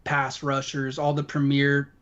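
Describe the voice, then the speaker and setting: A man's voice: medium pitch, monotone, unhurried, a bit bright, dull audio. A man co-hosting a casual sports podcast, easygoing and hedging, full of "you know.". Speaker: podcast co-host.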